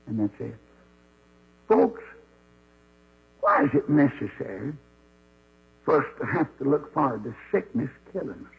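Brief: male preacher, folksy storytelling sermon, lively swooping delivery, dull old recording with hum. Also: on the high side, normal speed, gravelly, pauses often, slightly rough. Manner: storytelling, acts out voices of God and Moses. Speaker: Baptist preacher.

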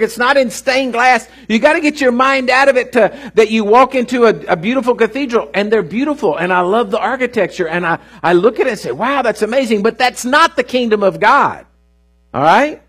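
A man's voice: very high voice, a bit bright, husky. A male pastor preaching a sermon to his congregation, with call-and-response asides and lots of repetition for emphasis. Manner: earnest, repeats words for emphasis. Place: church service.

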